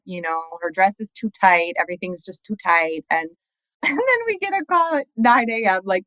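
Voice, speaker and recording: Woman host in her 30s on a video call from home, animated storyteller, dry and slightly muffled line. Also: medium pitch, moderate pace, dry recording. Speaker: podcast host. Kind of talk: casual chat. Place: childhood bedroom at home.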